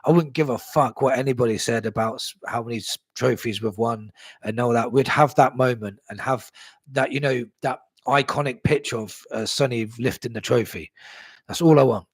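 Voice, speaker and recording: A man's voice: mid-range voice, moderate pace, slightly rough, dry recording. Blunt, swearing male football fan. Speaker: fan channel host. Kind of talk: live fan talk stream.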